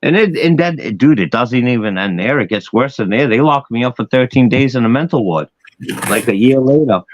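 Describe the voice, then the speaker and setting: A man's voice: medium pitch, brisk, dry recording, dull audio. Profane man telling a rambling story. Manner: profane, animated, acts out dialogue, occasional stutter. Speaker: guest telling a personal story. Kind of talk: casual storytelling on a live stream.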